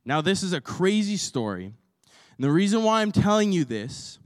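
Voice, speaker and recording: Male pastor, energetic sermon, storytelling, slightly high voice, long reverb tail. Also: moderate pace, studio quality. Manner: energetic storytelling with audience questions.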